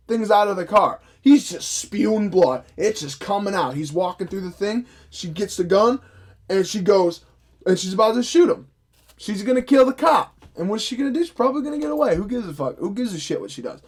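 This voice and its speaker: A young man with a high-pitched voice rants through a film review, cursing freely. He sounds sarcastic and exasperated throughout, talking to the camera like a fed-up vlogger. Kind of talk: ranting vlog review.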